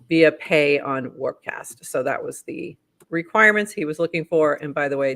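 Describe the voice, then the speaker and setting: Bright, chatty podcast host with a Boston accent. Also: mid-range voice. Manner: upbeat, chatty, laughs easily. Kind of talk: casual podcast chat, reading posts aloud.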